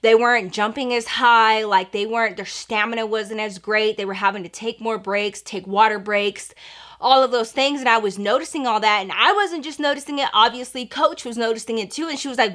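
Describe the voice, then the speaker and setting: Woman vlogger, story time, animated, chatty, fairly high voice. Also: a little fast.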